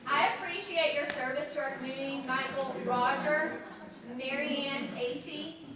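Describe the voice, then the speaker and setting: A woman's voice: high-pitched, steady tone, normal speed, over a noisy crowd. A woman giving an emphatic, accusatory public comment at a council meeting. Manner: emphatic, accusatory, with nervous laughs. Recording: echoey council chamber from far off.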